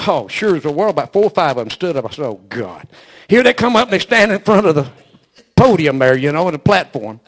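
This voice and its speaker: A man's voice: on the high side, sing-song, quick pace. A man preaching a storytelling sermon, folksy and emphatic, repeating his phrases and adding "amen.".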